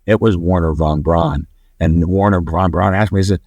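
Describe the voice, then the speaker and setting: Podcast guest, male, low-pitched, rambling storyteller, dry close sound. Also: moderate pace, no echo. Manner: rambling, animated when quoting others. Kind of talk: conversational storytelling.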